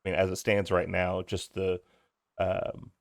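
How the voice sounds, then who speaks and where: A man's voice: deep voice, completely flat delivery, measured pace, vocal fry, no room sound, studio quality. A man co-hosting a podcast, chatting casually through a wrestling recap and quoting lines from the show. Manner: laid-back, quotes lines from the show. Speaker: podcast co-host.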